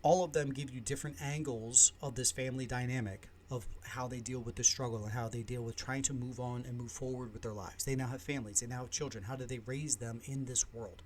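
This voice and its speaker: A man with a medium-pitched voice hosts a podcast alone, offering casual, opinionated reviews of movies and shows. He's animated, with many fillers and side remarks, and the recording carries a little hiss or hum.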